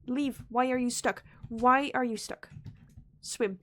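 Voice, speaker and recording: Woman, slightly high voice, chatty, playful, self-talk while gaming, repeats herself, whispers now and then. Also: fairly even intonation, takes it slowly, fairly bright tone. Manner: repeats words and whispers asides. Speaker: streamer. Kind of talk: live gameplay commentary.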